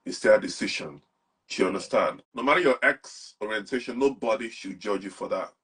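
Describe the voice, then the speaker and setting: A man's voice: lowish voice, brisk, a bit bright, slightly rough. A young man with a Nigerian accent, talking animatedly as an interview guest and mixing Pidgin with English. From Nigeria, Anambra. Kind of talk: casual interview talk.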